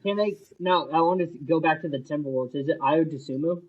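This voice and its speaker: A podcast co-host, blunt and quick to exclaim and swear. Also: medium pitch, slightly rough, narrow, tinny audio. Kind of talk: casual chat.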